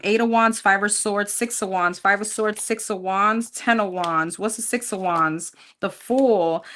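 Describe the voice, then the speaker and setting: Chatty bright-voiced woman reading tarot. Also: mid-range voice. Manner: chatty, thinking aloud, listing cards with hesitant fillers. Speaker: tarot reader.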